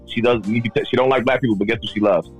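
A man's voice: mid-range voice, steady tone, very fast, husky, faint music behind. A man telling stories in a casual podcast chat, mimicking the people he quotes. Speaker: podcast guest.

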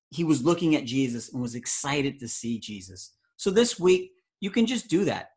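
A man's voice: on the high side, a bit bright. Goofy guy running a kids church zoom, playful, gets amazed easy, sounds like a video call. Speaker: children's ministry leader.

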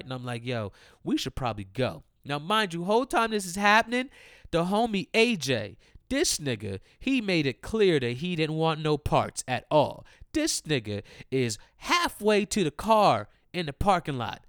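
Animated, profane man telling a story. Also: fairly high pitch, normal speed, smooth, no echo, clean studio sound. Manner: animated, profane, repeats lines for emphasis. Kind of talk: casual storytelling.

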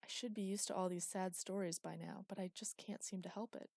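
A woman voicing a gentle, grieving male god who talks softly and sadly. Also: mid-range voice, steady tone, fairly quick, dry recording, natural voice. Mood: sad, tender. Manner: soft, sad and tender.

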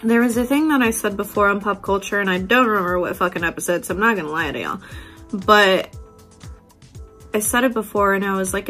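A woman's voice: mid-range voice, a little fast, a bit bright, soft background music. A woman hosting a casual self-help podcast, swearing freely, laughing often and acting out her own inner voice. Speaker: podcast host.

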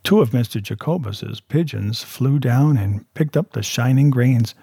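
A man reading a story aloud in a steady, measured narration. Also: medium pitch, husky, no echo, clean studio sound. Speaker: audiobook reader. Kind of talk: scripted narration.

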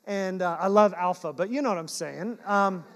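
A high-voiced male pastor shares personal stories from the pulpit, mixing playful self-mockery with earnest exhortation. His voice carries a long reverb from the church sanctuary. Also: moderate pace, a little hiss or hum. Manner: storytelling, animated, self-deprecating humor.

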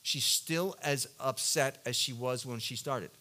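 Bright, earnest preaching man. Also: unhurried. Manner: earnest, confessional storytelling; swings between loud emphatic bursts and soft low passages. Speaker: pastor. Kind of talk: sermon.

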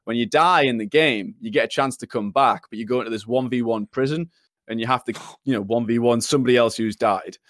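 A man's voice: mid-range voice, brisk, a bit bright, no echo, clean studio sound. A young man, chatting casually on a podcast, rambling and laughing often as he tells stories. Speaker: podcast co-host. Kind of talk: casual chat.

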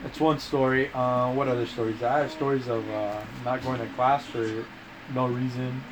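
A man's voice: medium pitch, little pitch movement, moderate pace, noisy background. Profane man telling rambling stories. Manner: profane, rambling anecdotes with slang like bro and dude; acts out quoted lines with voice changes. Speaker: storyteller among friends. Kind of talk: casual chat.

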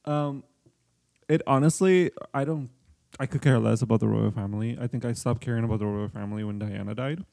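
A man's voice: medium pitch, fairly quick, vocal fry, mellow. A man in his thirties co-hosting a casual podcast chat, mock-outraged and swearing casually. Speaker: podcast co-host.

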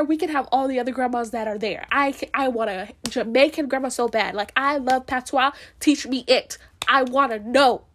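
A young woman from Florida talking straight to camera in a casual, heartfelt monologue, earnest and emphatic, repeating her points and laughing easily. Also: sits high. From Florida, USA. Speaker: vlogger.

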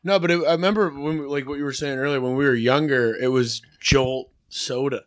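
Animated young man telling a story. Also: medium pitch, fairly quick. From Canada. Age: 20s. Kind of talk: casual chat.

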